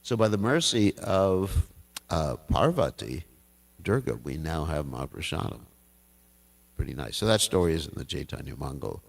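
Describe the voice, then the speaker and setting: Older male class speaker, gravelly, folksy storyteller who chuckles, miked from afar in a hall. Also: extremely low pitch, big pitch swings, moderate pace, distant mic. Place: temple hall.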